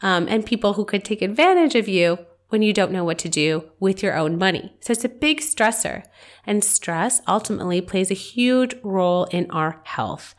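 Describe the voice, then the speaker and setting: A woman's voice: mid-range voice, animated, normal speed. Woman physician-host, congested and nasal, chatty solo podcast delivery, candid and personal. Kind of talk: casual solo podcast talk.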